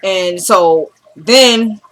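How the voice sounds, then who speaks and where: A woman's voice: medium pitch, drawn-out words, fairly bright tone. A woman casually recapping a TV episode, acting out the characters' lines as she retells each scene. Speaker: TV show recap vlogger.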